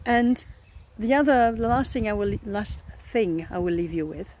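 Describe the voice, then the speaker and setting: A middle-aged woman with a French accent talks through her advice slowly, pausing often to find her words. Her voice is warm and mellow. Faint nature sounds drift in from the countryside around her. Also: mid-range voice, lively intonation, a little hiss or hum. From France. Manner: thoughtful, searching for words with frequent pauses. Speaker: French teacher. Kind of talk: reflective advice vlog.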